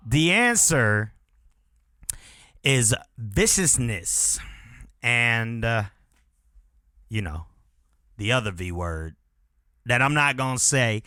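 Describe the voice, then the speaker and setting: A man hosting a podcast, holding forth in a blunt, profane and opinionated rant. His voice is bright and forceful, and his pitch swings widely. The sound is dry and close. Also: sing-song, slow, pauses often, dry recording. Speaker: podcast host. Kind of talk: casual solo podcast rant.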